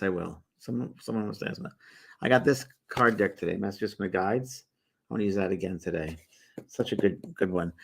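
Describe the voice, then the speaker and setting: A middle-aged man hosting a spiritual livestream, chatting casually and greeting viewers in a relaxed, rambling way. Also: fairly low pitch. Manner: relaxed and rambling, with many fillers and restarts. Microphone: phone or webcam held by the speaker.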